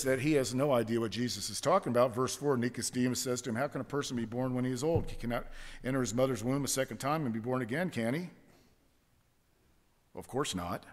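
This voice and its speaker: A man's voice: mid-range voice, fairly quick, pauses often. A man preaching a sermon as pastor, emphatic, repeating phrases for stress. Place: church sanctuary. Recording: long church hall reverb.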